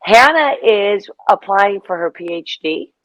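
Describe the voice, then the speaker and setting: A woman's voice: medium pitch, unhurried, dry recording, highs cut off. Chatty storytelling woman, dry close sound. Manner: chatty, storytelling, animated asides. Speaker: guest. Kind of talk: casual interview chat.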